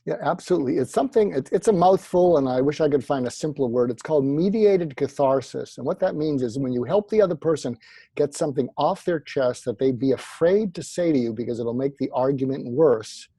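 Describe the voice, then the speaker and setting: A man answers interview questions with animated stories, voicing the people he quotes. His voice is mellow and a little husky, recorded close and dry. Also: on the high side, fairly quick, dry recording. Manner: animated anecdotal storyteller, acts out quotes. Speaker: psychiatrist guest.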